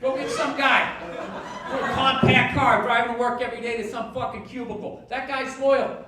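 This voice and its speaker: A man's voice: extremely high pitch, little pitch movement, normal speed. A male stand-up comedian doing a sarcastic, profane rant on stage. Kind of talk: stand-up routine. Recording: echoey distant recording with loud noise. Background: audience laughter.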